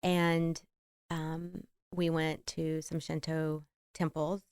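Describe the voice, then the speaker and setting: A middle-aged woman with a country American accent, talking through her thoughts on a podcast in a rambling, reflective way and laughing easily. Her voice sits a little low and sounds smooth and resonant. The recording is dry and close. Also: level tone, slow, a little mellow, dry recording. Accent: American rural. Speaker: podcast co-host. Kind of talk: casual chat.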